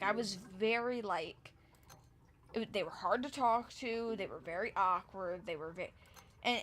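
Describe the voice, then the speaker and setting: A young woman live streamer plays a game while telling a rambling, exasperated story about work, full of restarts and fillers. Her voice is slightly high and fairly bright, and there's a little hiss or hum.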